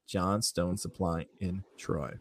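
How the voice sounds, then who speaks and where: A man's voice: low voice, fairly even intonation, takes it slowly, no room sound. A man hosting a sports radio show, giving a confident, punchy rundown of the team and reading ads. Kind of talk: sports analysis and ad reads.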